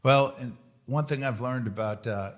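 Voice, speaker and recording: A man hosting a podcast, a relaxed, joking interviewer chatting casually. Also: medium pitch, normal speed. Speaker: podcast host.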